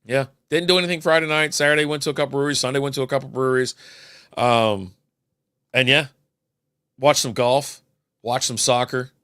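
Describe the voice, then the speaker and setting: A man's voice: mid-range voice, steady tone, a little fast, pauses often, bright, forceful tone, clear, resonant tone, no room sound. An older man hosting a casual solo beer podcast, telling rambling, profane stories with dry asides. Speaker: podcast host.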